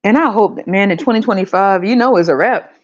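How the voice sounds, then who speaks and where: A woman hosts her podcast in a loose, ranting style, blunt and fed up, dropping curses without a second thought. Her voice sits at a middling pitch, and the recording sounds dull and muffled. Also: fast. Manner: blunt, exasperated, swears freely. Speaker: podcast host. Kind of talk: casual ranting commentary.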